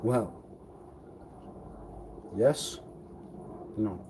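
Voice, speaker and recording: A man on a solo live stream, rambling in circles and repeating phrases, with sudden loud outbursts. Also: mid-range voice, animated, slow pace, pauses often, slight background noise. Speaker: livestreamer.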